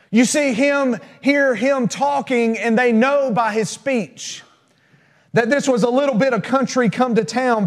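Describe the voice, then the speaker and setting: Man, pastor, sermon, high voice, emphatic storytelling, rhetorical questions.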